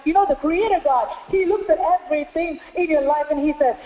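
A woman pastor preaching a sermon, repeating phrases in a steady cadence and asking rhetorical questions. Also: high voice, fast talker, hardly any pauses. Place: church hall. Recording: echoey church hall, slightly dull sound.

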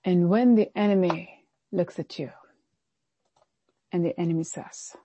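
Woman pastor preaching with slowed emphasis. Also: on the low side, mellow, husky, no echo, highs cut off. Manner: preaching with slowed emphatic phrases and acted taunts of the enemy. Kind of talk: sermon.

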